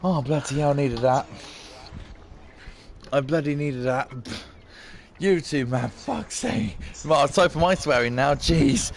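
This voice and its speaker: Brief: male race commentator, higher voice, sore throat, excitable, noisy background. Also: creaky. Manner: excitable, quick to exclaim. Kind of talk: excited sim racing commentary.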